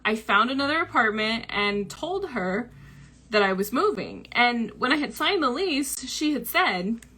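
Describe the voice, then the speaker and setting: A woman's voice: fairly high pitch, big pitch swings, measured pace, sharp tone, slightly rough. A young woman hosting a book club show, casually telling a personal story with lots of likes and ums. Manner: chatty, full of likes and ums, acts out quoted lines.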